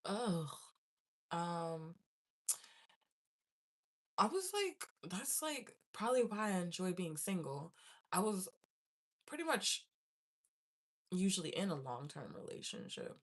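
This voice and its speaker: A woman's voice: on the low side, slow, pauses often. A young woman casually telling a story to her viewers, laughing often and acting out her own panic. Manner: animated, laughs often, acts out her panicked past self. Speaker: vlogger.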